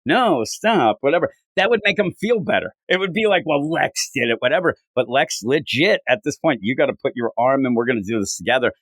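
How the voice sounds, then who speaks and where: Talking quickly with hardly any pauses, a man recaps a comic for his podcast, voicing the characters' quotes with big leaps in pitch. It's casual comic book discussion, recorded without echo.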